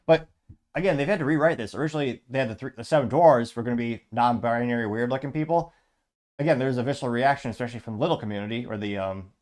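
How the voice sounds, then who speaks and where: A man's voice: mid-range voice, a little mellow. A man hosting a show in casual commentary, reading viewer comments aloud with sarcastic asides and frequent laughs. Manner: sarcastic, laughs often, restarts. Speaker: host.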